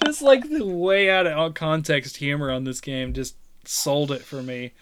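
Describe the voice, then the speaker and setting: Brief: talkative man, fairly high bright voice, loose rambling chat with big laughs. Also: measured pace, slight background noise. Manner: rambling, laughs loudly, restarts often; mimics game voices in retelling. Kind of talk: casual chat.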